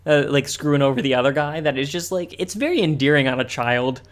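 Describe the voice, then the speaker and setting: A man's voice: mid-range voice, expressive, fast talker. A man co-hosting a podcast, chatting casually about a cartoon, rambling with many fillers and restarts. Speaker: podcast co-host. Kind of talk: casual chat analyzing a cartoon.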